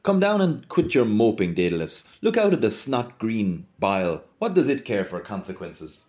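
A man voicing a brash, mocking young man who teases loudly and theatrically in a storybook reading. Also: fairly low pitch, huge pitch swings, normal speed, voice pushed up. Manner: loud, teasing, theatrical.

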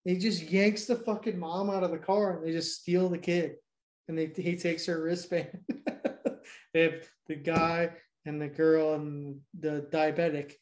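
A man's voice: fairly high pitch, little pitch movement, measured pace. A man from Georgia co-hosting a casual chat, recapping a movie in a rambling, profane way. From Georgia, USA.

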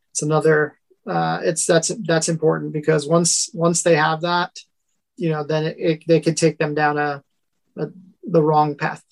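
A man with a thick New York accent, a podcast guest telling stories in a halting way, often restarting and laughing. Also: fairly high pitch, vocal fry. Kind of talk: casual interview chat.

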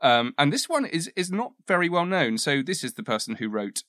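A man's voice: on the high side, very animated, fairly quick, hardly any pauses, fairly bright tone, dry recording. A man in a casual chat who teases his co-host, asks questions and reads nonsense verse aloud.

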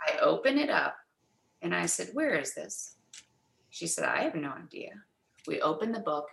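A middle-aged woman, a guest in an interview, telling a personal faith story in an animated way and acting out the quoted dialogue. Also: fairly low pitch, moderate pace, creaky, reverberant, poor audio.

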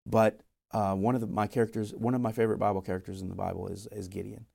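A fast-talking young man with a low, gravelly, darkish voice and a flat delivery shares his testimony as a missionary guest in an interview. He earnestly tells how he was called to missions, acting out the quotes along the way.

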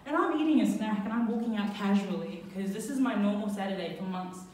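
A woman telling a funny true story on stage, lively and laughing, with many fillers and restarts. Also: medium pitch, fast, hardly any pauses. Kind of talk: live storytelling to an audience. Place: live venue stage. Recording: echoey venue, mic from far off.

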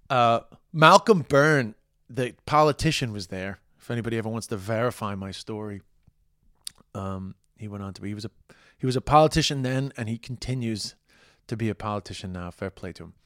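Low-voiced Irish man, rambling and emphatic. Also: normal speed, a bit bright, dry recording, studio quality. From Ireland. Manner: rambling, emphatic, swears freely. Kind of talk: casual monologue.

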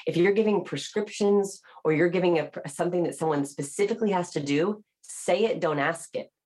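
A woman with a low-pitched voice talks through research as an interview guest. She explains briskly and with animated emphasis, often slipping into playful quoted voices to show an example. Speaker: author and body language researcher. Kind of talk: podcast interview.

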